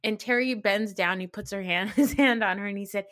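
A woman co-hosting a podcast, chatting casually and recapping reality TV in a gossipy, animated way, laughing often. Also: mid-range voice, brisk. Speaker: podcast co-host.

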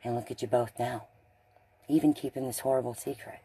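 A man giving a blunt, profane, emotional monologue addressed to others, swinging between loud and hushed. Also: mid-range voice, fairly even intonation, brisk, breathy edge. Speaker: speaker in a recorded video message.

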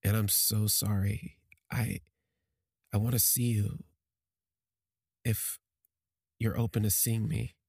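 A man telling a personal story on a podcast, halting and emotional, with many restarts. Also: on the low side, level tone, gravelly, a little mellow, breathy edge, no echo, clean studio sound.

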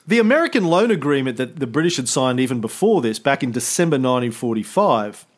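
A man's voice: medium pitch, sing-song, quick pace. A man co-hosting a history podcast, telling history as an irreverent, profane story with homespun analogies. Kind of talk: casual history podcast chat.

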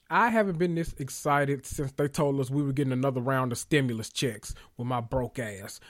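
A young man hosting a podcast, rambling in an excitable, gushing way and swearing freely as he corrects himself mid-thought. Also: medium pitch, normal speed, hardly any pauses. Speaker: podcast host. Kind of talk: casual podcast rant.

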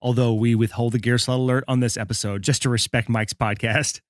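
A man's voice: mid-range voice, level tone, fairly quick, dry recording, studio quality. A man hosting a podcast, introducing the episode in a chatty, joking and rambling way. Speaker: podcast host.

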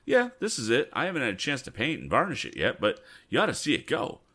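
A man's voice: mid-range voice, wildly swooping pitch, fast talker, pushed and bright, breathy edge, pitched above the performer's own voice, full character voice. A man voicing an eager, confident young male inventor in a storybook reading, with a raised boyish voice.

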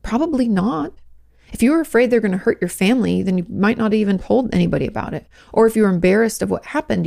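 A woman's voice: medium pitch, gravelly, mellow. A woman therapist hosting a podcast, talking frankly and casually with lots of "like" fillers. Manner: conversational, frank, many "like" fillers. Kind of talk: casual advice talk.

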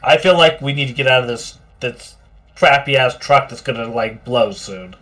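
A man playing in a tabletop game, talking loudly and offhandedly with casual swearing. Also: mid-range voice, moderate pace. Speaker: player. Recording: loud and distant from the mic.

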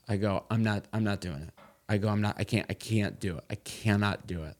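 A man's voice: lowish voice, fairly even intonation, moderate pace, gravelly, a little mellow. A middle-aged man chatting casually as a podcast guest, telling a long story with many fillers and restarts. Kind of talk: casual chat.

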